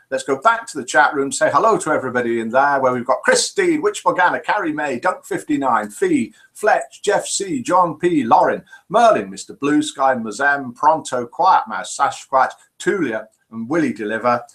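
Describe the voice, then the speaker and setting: A man with a British accent hosting a live web show from a small room, chatting casually and reading out viewers' names. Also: mid-range voice. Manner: chatty, relaxed, reads out viewers' names and comments. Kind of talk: casual live-stream presenting. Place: small home studio room. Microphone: webcam live broadcast.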